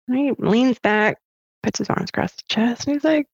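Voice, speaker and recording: A middle-aged woman guest on an interview show, chatty and animated, telling stories about chainsaw training and laughing often. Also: a little high, fairly quick, dry recording. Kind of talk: casual storytelling interview. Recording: dull lo-fi dry sound.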